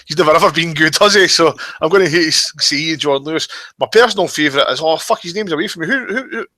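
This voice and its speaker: A man's voice: fairly high pitch, pushed and bright, no room sound. A man co-hosting a live boxing podcast, talking emphatically and swearing heavily. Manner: fast, heavy swearing, emphatic. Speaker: podcast co-host. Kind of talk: casual live podcast banter.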